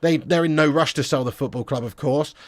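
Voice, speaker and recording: A man's voice: on the high side, fairly quick, no echo, clean studio sound. A man hosting a live-stream fan chat, talking in casual, slangy banter with the odd swear word. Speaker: football channel host.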